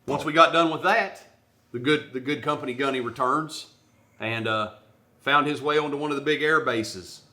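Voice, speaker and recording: A man's voice: medium pitch, moderate pace, bright, forceful tone. A man co-hosting a casual chat, prompting his co-host with short remarks and interjections. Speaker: podcast co-host, Marine veteran.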